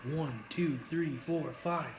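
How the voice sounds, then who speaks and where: A man's voice: on the high side, slow pace. Joking man in a roomy home recording. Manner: joking, crude, rambling advice. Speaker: mukbang vlogger. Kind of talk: casual chat while eating. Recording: roomy with clear background noise.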